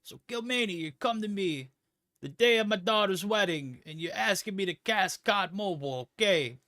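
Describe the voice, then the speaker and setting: A man doing a playful impression of a gruff male mafia don, with slow, theatrical lines and music playing behind. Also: high voice, expressive, sharp tone, no echo, clean studio sound, pitched above the performer's own voice, heavily acted. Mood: mock-menacing. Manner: slow, theatrical mob-boss delivery.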